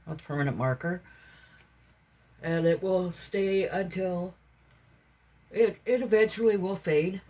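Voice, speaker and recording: A woman's voice: deep voice, darkish tone. A woman vlogger chatting casually about her crafts, meandering and chatty with many fillers and self-corrections. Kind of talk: casual rambling vlog chat.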